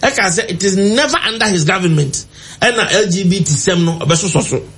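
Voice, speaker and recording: High-voiced Ghanaian man debating politics. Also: animated, moderate pace, fairly bright tone. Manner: emphatic, argumentative, mixing languages. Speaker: political commentator. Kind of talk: heated political talk-show debate.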